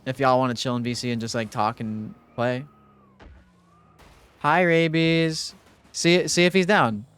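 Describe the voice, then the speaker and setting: A young man streaming live, chatting casually with his viewers in a relaxed, rambling way, full of fillers. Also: medium pitch, a little fast, clear, resonant tone. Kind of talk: casual livestream chat with viewers.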